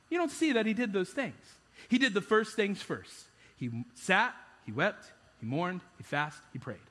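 A man's voice: sits high, bright, forceful tone, in a large hall. A man preaching a sermon as pastor, conversational and self-deprecating, often restarting his sentences.

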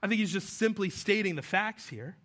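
High-voiced, joking young pastor. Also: male voice, expressive, fairly quick, fairly bright tone. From New Mexico. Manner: conversational and joking, acts out quoted voices. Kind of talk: casual sermon.

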